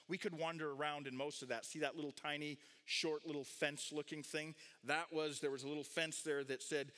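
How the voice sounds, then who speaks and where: Animated high-pitched man preaching. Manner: animated preaching, rising loud on key points, dropping low and quiet for asides. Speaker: pastor. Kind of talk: sermon.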